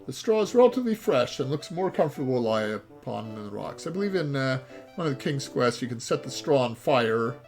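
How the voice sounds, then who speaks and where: A man's voice: medium pitch, sing-song, fairly quick, faint music behind. A man who designed the game, giving let's play commentary while he plays it, rambling and full of ums and uhs. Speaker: game designer playing his own game.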